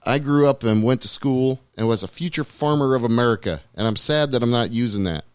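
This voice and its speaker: A man hosting a podcast on his own, talking in a loose, rambling, offhand way as he cues up clips. His voice sits at an ordinary middle pitch. The studio sound is dry and close. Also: brisk, clean tone, dry recording. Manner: loose, rambling, self-deprecating. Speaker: podcast host. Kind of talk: casual talk show chat. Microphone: studio mic.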